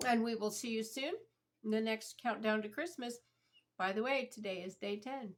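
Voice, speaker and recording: A woman's voice: on the high side, normal speed, background noise. Chatty woman cooking at home. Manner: homey and chatty, talks while chewing. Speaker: homestead cooking vlogger. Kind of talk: casual cooking chat. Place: home kitchen.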